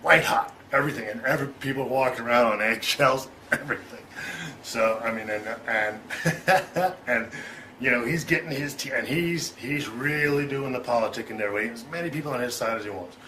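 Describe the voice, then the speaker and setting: A man's voice: medium pitch, moderate pace, sharp tone, slight background noise, low-quality recording. A middle-aged man telling a story in an interview, loose and profane, chuckling and acting out both sides of an argument. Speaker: interview guest.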